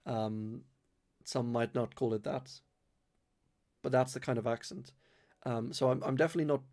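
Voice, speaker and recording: A man's voice: medium pitch, a little mellow. A young man from London whose accent blends London speech with a slight Irish twang, chatting casually on a live-stream Q&A and rambling with many fillers. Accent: London mixed with slight Irish twang. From London, England. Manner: careful enunciation. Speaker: streamer answering viewer questions.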